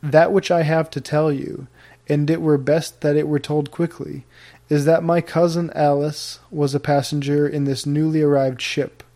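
A man's voice: fairly high pitch, little pitch movement, moderate pace, dark tone, lightly acted. A man reading the lines of an earnest, grave Puritan husband in formal, old-fashioned speech.

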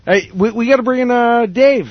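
High-pitched guy rambling through a story on a podcast, dry dull mic sound. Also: normal speed, no room sound. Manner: animated storyteller, restarts often. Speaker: podcast host. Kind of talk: casual chat. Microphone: studio microphone.

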